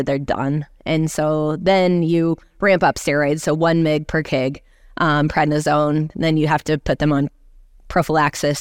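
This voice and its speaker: A woman oncology clinician on a medical panel, explaining treatment step by step in a measured way with frequent fillers. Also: sits low, clear, resonant tone, dry recording, studio quality. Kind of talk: continuing-education panel discussion.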